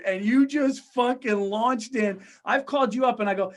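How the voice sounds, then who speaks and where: High-pitched man telling stories animatedly. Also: moderate pace, hardly any pauses. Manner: animated storyteller, profane. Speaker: podcast co-host. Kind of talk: casual comedic chat.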